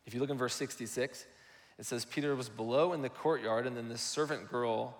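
A man's voice: mid-range voice, fairly even intonation, brisk, big-room sound. A male pastor giving a conversational, explanatory sermon.

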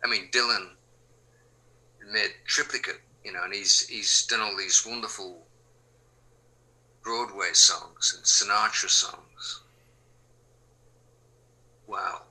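Hombre mayor de Inglaterra, voz muy brillante. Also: male voice, lowish voice, fairly even intonation, slow, long pauses, husky, low-quality recording. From England. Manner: rambling, frequent fillers and restarts, drops to quiet asides. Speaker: musician guest. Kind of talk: relaxed interview chat.

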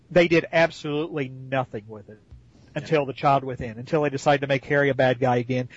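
A man's voice: fairly high pitch, dry recording, muffled recording. A man co-hosting a casual chat, sarcastic and fond of mocking with silly voices. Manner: sarcastic, mocks with put-on voices. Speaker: podcast co-host.

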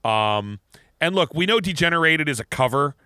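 A man chats on a podcast in a bright, forward voice, wandering through his thoughts with plenty of false starts. The sound is dry and close, with no room around it. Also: a little high, expressive, moderate pace, clear, resonant tone, no room sound. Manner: rambling, with many false starts. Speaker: podcast co-host. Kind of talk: casual chat.

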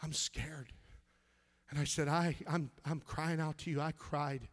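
A slightly high, level-toned voice carries this middle-aged man's impassioned sermon at a moderate pace. He swings between loud exclamations and soft, near-whispered storytelling, repeating words when moved.

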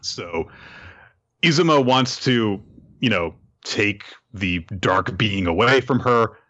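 A man's voice: lowish voice, expressive, slow pace, fairly bright tone, lo-fi sound. A man hosting a podcast, recapping a chapter in a casual, amused storytelling manner.

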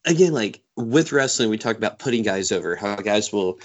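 A man's voice: lowish voice, fairly quick. Enthusiastic man retelling a film scene. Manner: enthusiastic, animated storytelling. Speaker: podcast co-host. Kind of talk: casual fan discussion.

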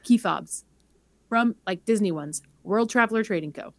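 A woman's voice: medium pitch, normal speed, slight background noise. A woman in her thirties co-hosting a podcast, chatty and playfully teasing. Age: 30s. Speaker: podcast co-host. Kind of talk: casual chat.

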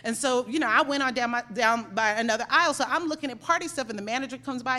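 This is a woman pastor with a high voice, preaching a sermon to her congregation. She tells a story in a lively way and then drives her points home with emphasis. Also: fast talker, hardly any pauses.

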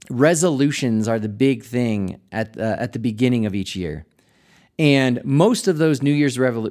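A male pastor hosts a reflective podcast in an easy, conversational way. His voice sits at an ordinary middle pitch, and he laughs lightly and restarts words as he thinks aloud. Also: darkish tone.

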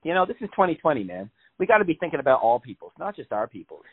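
Brief: lively comic co-host, man, swearing and rambling, thin phone-line sound. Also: on the high side, rapid-fire, breathy edge. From New York. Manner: joking, profane, rambling with many fillers. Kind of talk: casual comedic chat.

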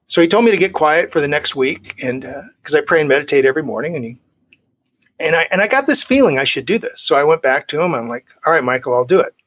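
A man's voice: on the high side, animated, fast, a bit bright. A middle-aged man in his forties, a guest telling a personal recovery story, acting out the dialogue he quotes.

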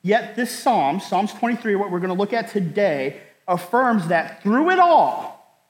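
A man's voice: high-pitched, big pitch swings, moderate pace. A man preaching a sermon as pastor, in an earnest way that repeats words and keeps asking "right?". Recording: echoey hall, long reverb.

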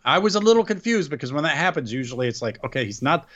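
Guy cohosting a wrestling podcast, super animated voice jumping all over, kinda dull lo-fi sound. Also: a little high, rapid-fire. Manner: excitable, animated recapping of a match. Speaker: podcast co-host. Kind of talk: casual wrestling podcast chat.

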